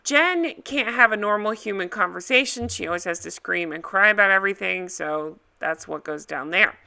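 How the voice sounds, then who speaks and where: A woman's voice: medium pitch, normal speed, creaky, sharp tone, clear, resonant tone. A woman hosting a reaction video, giving a casual, blunt and opinionated recap.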